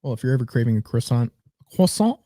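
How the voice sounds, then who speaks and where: A man's voice: on the high side, fairly quick, mellow, dry recording, studio quality. A man co-hosting a podcast in casual chat, teasing and loose with filler words. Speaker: podcast co-host.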